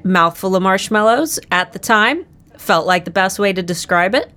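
A young woman with a Midwestern American accent, co-hosting a podcast in relaxed, chatty talk. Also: medium pitch, normal speed. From United States. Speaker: podcast co-host. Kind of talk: casual chat.

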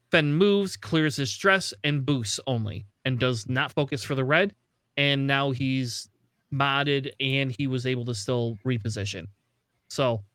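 A man hosting a casual gaming chat, excitable and quick to laugh, swearing now and then. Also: a little high, no echo, studio quality.

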